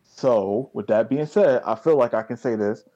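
A man's voice: medium pitch, moderate pace, muffled recording. A young man, telling stories in casual chat, full of slang and fillers. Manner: animated storytelling with street slang, lots of "like" and "dog".

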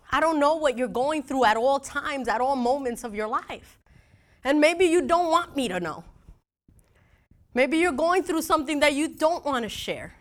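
A middle-aged woman pastor preaching a sermon, telling stories in a lively way and acting out dialogue. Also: sits high. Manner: animated storytelling with laughs and acted-out dialogue.

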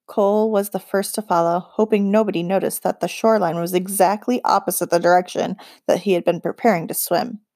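A woman's voice: medium pitch, no room sound. Woman narrating an audiobook, close and dry. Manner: steady, measured storytelling.

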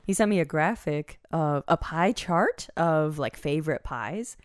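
A woman co-hosting a podcast, chatting casually in a giggly, animated way. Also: deep voice, measured pace, dry recording, clean studio sound. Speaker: podcast co-host. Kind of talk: casual banter.

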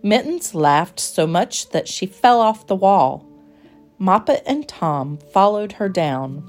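A woman reading a children's storybook aloud in a gentle, expressive, measured way. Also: fairly low pitch, soft background music.

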